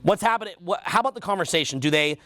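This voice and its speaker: A man's voice: high-pitched, expressive, very fast, bright, forceful tone, dry recording. A man with a Canadian accent teaching a seminar, quizzing the audience and repeating their answers back. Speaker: dating coach.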